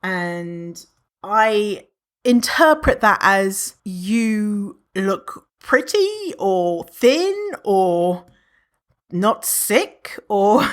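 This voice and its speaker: A woman chatting on her own podcast, with a pitch that swings high and low. She talks casually and playfully and keeps slipping into mock voices to act out what others say. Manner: playful, animated, acts out other people's remarks in mock voices. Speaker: podcast host. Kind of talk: casual solo podcast chat.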